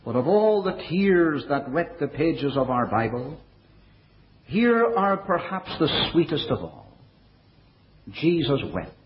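Guy preaching a sermon, voice rises and falls a lot, quotes scripture low and soft, muffled old recording w/ faint hiss. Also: big pitch swings. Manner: measured preaching, quoting scripture in older English. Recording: dull, lo-fi recording.

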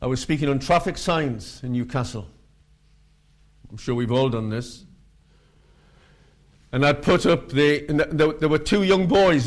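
A man preaching, telling street-evangelism stories in a lively way. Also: fairly high pitch. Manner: animated, acts out quoted voices. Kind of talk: sermon with storytelling.

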